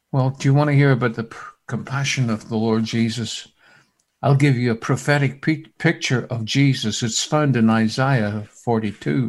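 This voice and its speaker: Husky slow-speaking preacher man. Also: medium pitch. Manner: dramatic, swings from loud to hushed. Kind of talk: sermon.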